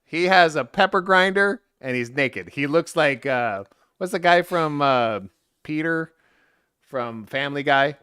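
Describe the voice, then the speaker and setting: A man co-hosting a podcast, talking in an animated, playful, joking way. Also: fairly high pitch, a little slow, smooth, no echo, clean studio sound. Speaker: podcast co-host. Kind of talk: casual joking chat.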